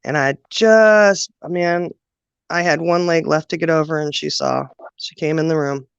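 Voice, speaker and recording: Woman guest, personal story, halting and emotional, muffled dry recording. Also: sits low, fairly even intonation, creaky, smooth, no room sound. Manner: halting, emotional recollection with many fillers. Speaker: guest sharing childhood story. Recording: dull, dry lo-fi sound.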